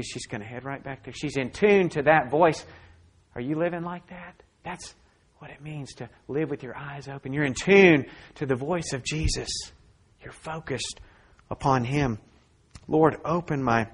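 A young man preaches in an earnest, emphatic way, his voice sitting a little high. He drops to soft, quiet asides while telling a story, then rises into forceful appeals to the listeners. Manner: earnest, emphatic, swings between soft asides and raised exhortation. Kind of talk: sermon with personal story.

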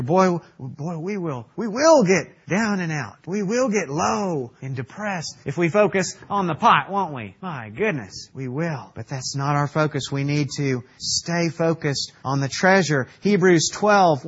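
A man preaching a sermon as pastor. He swings between emphatic, raised scripture readings and hushed, quiet storytelling. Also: high voice, husky, dull audio.

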